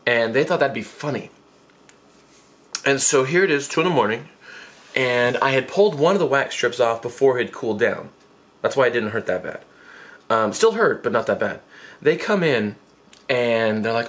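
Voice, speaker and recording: Brief: a man in his 20s, comic storytime vlogger, lively and self-mocking, quick squeaky jumps in pitch for quotes.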